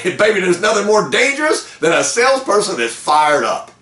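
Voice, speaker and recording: Lively, animated man with roomy echo. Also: high-pitched, fairly quick. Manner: energetic, folksy, lively with whoops. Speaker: host of a car sales meeting show. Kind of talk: motivational sales pep talk.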